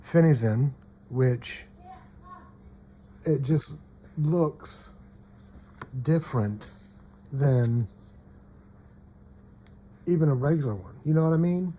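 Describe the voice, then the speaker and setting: An adult parent with a medium-pitched, mellow voice casually shows off trading cards, often checking "okay?" and trailing off mid-sentence. It's relaxed show-and-tell, with slight background noise.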